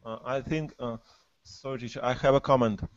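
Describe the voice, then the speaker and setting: A male English student with a non-native accent, reading and speaking slowly and carefully. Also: medium pitch, fairly even intonation, noisy background. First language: not English. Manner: slow, careful, halting reading. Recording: dull lo-fi classroom recording.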